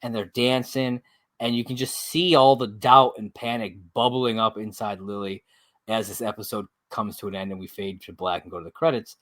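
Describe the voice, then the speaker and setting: A man co-hosting a podcast, recapping a TV episode in casual chat, halting with many uhs and laughing often. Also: lowish voice, fairly even intonation, fairly bright tone. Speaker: podcast co-host.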